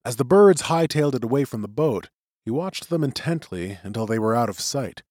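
A male narrator reading a novel with a lively, rising and falling delivery. His voice is mid-pitched and recorded dry, close to the mic. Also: brisk, dry recording. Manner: expressive storytelling. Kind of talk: audiobook narration.

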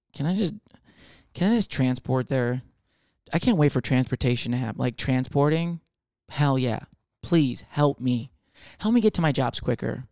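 A young adult man, a comedian, riffing in a casual rambling monologue, swearing often and slipping into quick voices of other people. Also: medium pitch, a little mellow, smooth, no room sound, clean studio sound.

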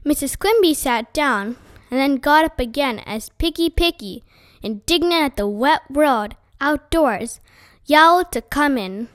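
A woman reading a children's chapter book aloud, with gentle, expressive narration. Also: high-pitched, unhurried, no echo, studio quality. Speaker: storyteller.

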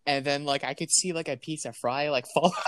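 A young man, a podcast co-host, rambling through a funny story in casual chat, quoting his friends and often breaking into laughter. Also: on the high side. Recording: noisy home recording.

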